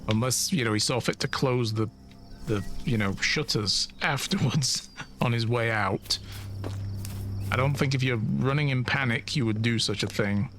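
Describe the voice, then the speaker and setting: A man's voice: mid-range voice, normal speed, a bit bright, slight background noise. A man streaming a video game, chatting casually and thinking aloud with frequent laughs. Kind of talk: casual let's-play commentary.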